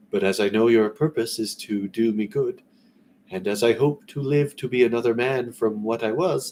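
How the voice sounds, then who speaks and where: A man's voice: medium pitch, dark tone, a little hiss or hum, pitched above the performer's own voice, natural voice. A man voicing a frightened old miser who pleads earnestly with a ghost, in a raised voice above his own. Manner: earnest, fearful, imploring.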